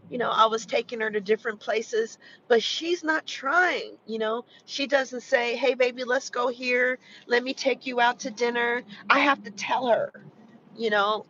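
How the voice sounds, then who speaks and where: A vlogger in an emotional personal chat, talking in a rambling, halting way, full of "you know" and restarts. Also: medium pitch, pushed and bright, a little hiss or hum. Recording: muffled lo-fi recording.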